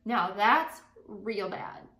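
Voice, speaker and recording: A woman's voice: mid-range voice, expressive, extremely slow, sharp tone, reverberant, heavily acted. A woman doing a folksy old sheriff. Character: easygoing old frontier sheriff father.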